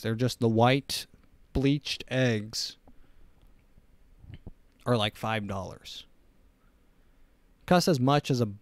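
A man's voice: medium pitch, smooth, no room sound. A young man hosting a comedy podcast, rambling through opinionated, sarcastic riffs in a casual monologue. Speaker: podcast host.

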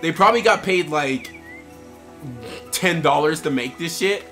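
A young man giving profane, sarcastic gameplay commentary, swinging from muttered gripes into shouting and laughter. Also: fairly high pitch, measured pace, faint music behind. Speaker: gaming commentator.

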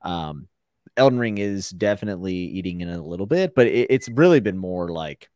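Lower-voiced man hosting a podcast. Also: expressive, normal speed, darkish tone, dry recording, clean studio sound. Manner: laughs often, reads viewer comments aloud. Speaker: podcast host. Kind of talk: casual podcast chat.

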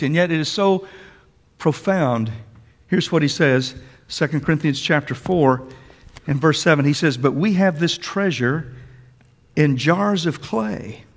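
A man preaching a sermon to a congregation in a church, emphatic and repetitive, talking straight to his listeners. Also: on the high side. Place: church sanctuary. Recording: long hall reverb.

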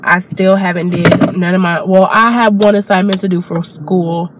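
A woman's voice: lowish voice, steady tone, moderate pace, heavy background noise. A young woman, a new mother, chatting casually to her vlog camera while she has a cold. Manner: chatty, addresses viewers as y'all.

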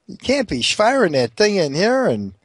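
A man playing a flustered old-west saloon keeper, jumping high and wide as he frets and rants. He rattles off his lines in a hurry. The sound is dry and close. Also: huge pitch swings, slightly rough, dry recording, full character voice. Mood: exasperated. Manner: rattled, rapid, shouting.

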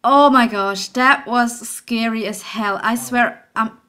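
A young woman narrates her horror playthrough in an unhurried, drawn-out way, her voice slightly raised and bright. She jumps at scares, curses under her breath and breaks into nervous laughs. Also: a little high, clean tone. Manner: jumpy, swearing, nervous laughter. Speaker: gaming channel host. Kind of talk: let's play commentary.

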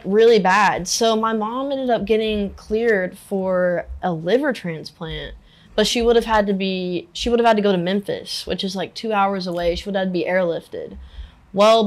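Brief: young woman interviewee, mid-pitched, emotional, halting, heavy on filler words. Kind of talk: candid personal interview.

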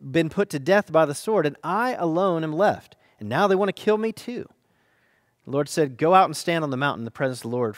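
A man preaching a sermon as pastor, reading scripture dramatically with earnest, hushed and emphatic turns. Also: on the high side, dry recording, studio quality.

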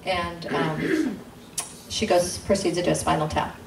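An expressive woman with vocal fry shares her testimony at a measured pace, a guest speaker in an intimate church room. She earnestly acts out conversations, her pitch jumping suddenly. The recording sounds roomy and distant, with faint noise.

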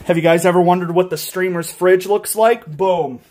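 A man's voice: sits high, steady tone, normal speed, a little mellow. A man streaming live from his phone, rambling and teasing his chat in a goofy, playful way. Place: car, then home.

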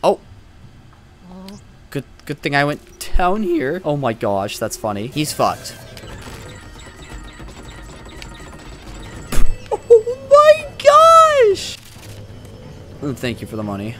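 A young adult man giving excitable, profane, joking let's play commentary as a gaming YouTuber. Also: mid-range voice, a little slow, soft background music.

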